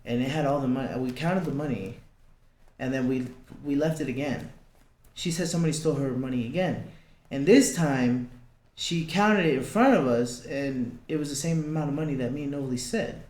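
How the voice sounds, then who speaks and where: A man's voice: mid-range voice, a little fast, a little mellow. A young man telling a personal story as a podcast guest, blunt and swearing, acting out the lines he quotes. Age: young adult. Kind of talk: casual storytelling. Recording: roomy echo.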